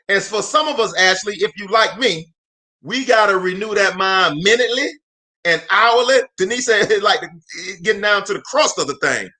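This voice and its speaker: Guy from alabama preaching motivation, high bright voice, keeps hammering points home. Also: expressive, normal speed. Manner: emphatic, repetitive, calls out to listeners by name. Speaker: motivational host. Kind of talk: preacher-style motivational talk.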